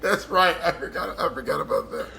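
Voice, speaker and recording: A man's voice: high voice, a little fast, creaky, sharp tone. A man co-hosting a podcast, teasing playfully and giving advice in casual chat. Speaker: podcast co-host.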